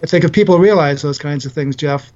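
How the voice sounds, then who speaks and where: A man's voice: on the high side, a little fast, darkish tone. Older guy doctor telling his story on a podcast, stumbles and repeats words, kinda muffled lo-fi sound. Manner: earnest, repeats words often while telling stories. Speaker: guest, physician and author.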